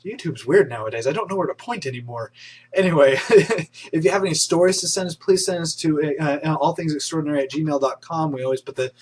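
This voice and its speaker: A young man runs through the day's news in a loose, chatty way, full of restarts and fillers, getting visibly excited about his stories. His voice sits a little high and has a husky edge. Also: fast. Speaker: host of an online news show. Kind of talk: casual news roundup.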